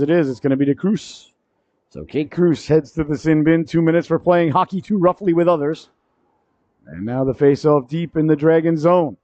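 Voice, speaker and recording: A man delivers hockey play-by-play in a somewhat high voice, tossing in wry jokes and jumping to shouts at big moments. The audio is dry and a little dull, like a small local broadcast. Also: no echo. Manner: jokey asides, rises sharply to shouts on goals. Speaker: play-by-play commentator.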